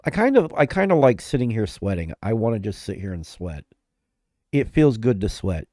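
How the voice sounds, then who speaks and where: A man with a mellow, relaxed voice chats on a live stream while he is sick with flu-like symptoms. He rambles, breaks off mid-sentence and laughs a lot. The sound is dry and close, with no room echo. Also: lowish voice, moderate pace. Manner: rambling, self-interrupting, laughs often. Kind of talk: casual live-stream chat.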